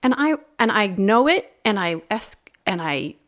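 A woman in her forties telling a personal story in casual podcast chat, rambling and animated, laughing often. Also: medium pitch, unhurried. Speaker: podcast regular.

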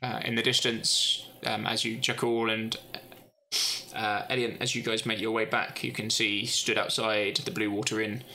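A man's voice: on the low side, flat delivery, normal speed, vocal fry, bright, forceful tone. Man game master rambling through a scene. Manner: casual, rambling narration with fillers. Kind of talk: narrating a tabletop game.

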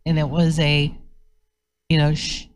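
A woman co-hosting a talk show, speaking in a measured, thoughtful way with frequent fillers. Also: deep voice, completely flat delivery. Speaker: co-host. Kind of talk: casual chat.

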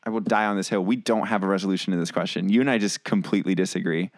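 Male podcast co-host, low voice, dry close sound, playful arguer who restarts his sentences. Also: steady tone, rapid-fire, no room sound. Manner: playful, argumentative, restarts often. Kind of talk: casual podcast banter.

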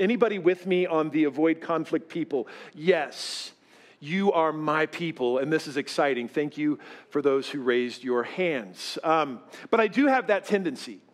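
A man of fifty preaching a sermon as pastor to his church, talking in a loose, self-deprecating way with many fillers. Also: high-pitched. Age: 50s. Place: church sanctuary with live congregation.

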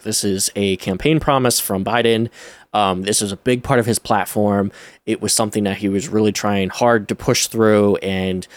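Wry low-voiced man, dry close sound. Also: no echo. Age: 30s. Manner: wry, self-mocking, explains at length. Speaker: podcast co-host. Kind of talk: casual podcast chat.

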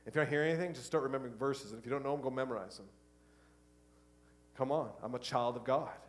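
A middle-aged man preaching a sermon, switching between loud exhortation and quiet, hushed asides. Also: mid-range voice, quick pace. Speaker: pastor.

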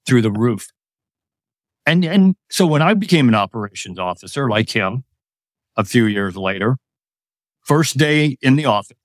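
A man's voice: medium pitch, no echo, studio quality. A man in his sixties, a retired army officer, telling leadership stories as a guest in an interview in a plainspoken, firm way. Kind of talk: interview storytelling.

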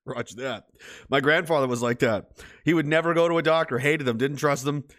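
A man's voice: a little high, fairly quick, fairly bright tone. A man from Nova Scotia hosting a livestream, reading comments in rambling, profane chat and laughing often. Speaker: host.

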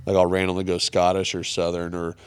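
A man's voice: low-pitched, completely flat delivery, quick pace, smooth. A man co-hosting a podcast, chatting casually and rambling with lots of filler words. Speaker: podcast co-host. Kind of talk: casual chat.

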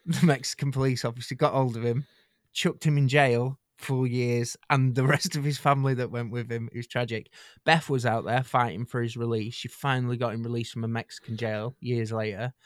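A man's voice: medium pitch, little pitch movement, moderate pace, dry recording. Rambling man, dry sound. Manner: rambling, hesitant, tangent-prone. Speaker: podcast co-host. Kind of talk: casual comedic chat.

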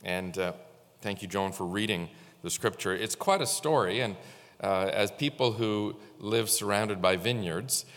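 A pastor giving a Sunday sermon in a halting, conversational way, pausing often on fillers. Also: male voice, on the low side, a bit bright, in a large hall.

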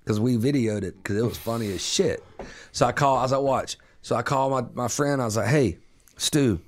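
A man telling a profane story on a casual podcast, animated and loose. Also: mid-range voice, fairly quick, a little hiss or hum. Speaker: podcast host.

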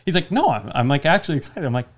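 A man co-hosting a laid-back podcast, with a fairly high voice that swings all over as he tells stories. He acts out what other people said and keeps the chat moving. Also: very fast. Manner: animated storyteller, acts out quotes. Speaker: co-host.

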